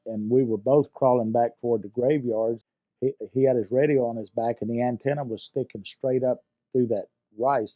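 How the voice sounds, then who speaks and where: An older man recalling his war experiences in a halting way, with many fillers and repeated words. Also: medium pitch, phone-quality sound. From United States. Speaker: veteran interviewee. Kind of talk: personal war recollection.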